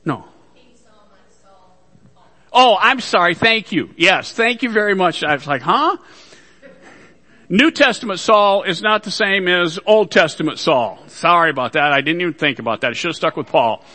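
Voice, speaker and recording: Casting note: male pastor, high, bright voice, folksy sermon with jokes, reverb of a large church hall. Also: animated, moderate pace. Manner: folksy, joking asides to the congregation.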